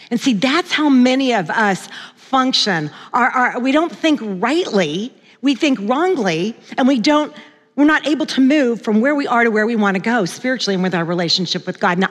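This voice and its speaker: A woman preaching a sermon, telling stories in a lively way, with laughs. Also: a little high. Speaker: women's Bible study director and guest preacher. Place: church sanctuary. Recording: long church hall reverb.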